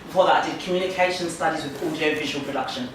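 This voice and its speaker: A woman's voice: low-pitched, racing, slight background noise. A British woman, an HR consultant and singer, chatting easily as an interview guest and often agreeing with "yeah" and "mm-hmm". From Britain. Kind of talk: relaxed interview conversation. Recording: echoey room, speaker far from the mic.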